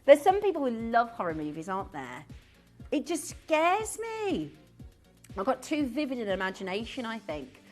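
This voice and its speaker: A woman's voice: fairly high pitch, huge pitch swings, normal speed, faint music behind. A woman presenting on a live shopping channel in a chatty way, full of rhetorical questions. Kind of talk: live TV selling chat. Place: TV studio.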